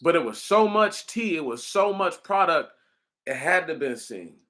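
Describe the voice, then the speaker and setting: A man delivering a casual, rambling monologue, animated and profane, speaking straight to his listeners. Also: fairly high pitch, normal speed. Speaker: commentator.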